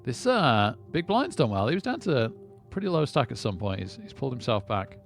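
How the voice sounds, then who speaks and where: Chatty man with lively, animated pitch. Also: brisk, gravelly, faint music behind. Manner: rambling, repeats words when starting sentences. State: lightheaded. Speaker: poker streamer. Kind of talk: casual live-stream chat.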